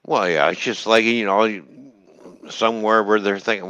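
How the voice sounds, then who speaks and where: A man's voice: lowish voice, normal speed, fairly bright tone, no echo, lo-fi sound. A man with a Canadian accent hosting a casual stream panel, blunt and teasing, with frequent swearing. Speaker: stream host. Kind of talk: casual chat.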